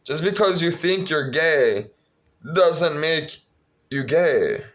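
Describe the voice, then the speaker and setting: A man's voice: on the high side, slow. Rambling, preachy young man vlogging. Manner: rambling and preachy, repeating words while searching; gets loud and excited when retelling a story. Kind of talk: casual vlog monologue.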